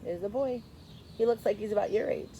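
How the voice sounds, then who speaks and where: Give me a woman teacher reading aloud to children, expressive, with a slight faint hiss behind. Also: medium pitch, fairly quick, rough recording. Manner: expressive, stops to explain to kids. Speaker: first grade teacher.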